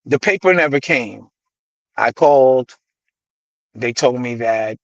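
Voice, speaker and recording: A middle-aged man from the Bronx with a New York accent, a guest on a radio show, telling his stories with animated energy and acting out the voices he quotes. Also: mid-range voice, moderate pace, no echo, dull audio. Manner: animated storyteller who acts out quoted voices. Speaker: guest, hip-hop artist. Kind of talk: radio interview storytelling.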